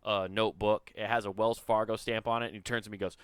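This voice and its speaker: Bright, clear-voiced man telling a rambling story. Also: lowish voice, fairly even intonation, quick pace, no room sound, clean studio sound. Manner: rambling storyteller, heavy swearing and fillers. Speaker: podcast host. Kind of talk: casual podcast chat.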